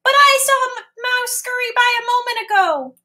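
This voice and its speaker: A teeny storybook fly with a chirpy, very high squeak. It chatters brightly. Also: female voice, normal speed. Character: tiny buzzing fly.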